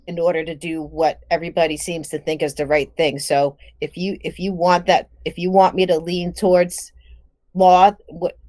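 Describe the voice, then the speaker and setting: A woman's voice: on the low side, little pitch movement, normal speed, darkish tone. A woman playing a tabletop game in character, speaking in a firm, bargaining way. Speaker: player.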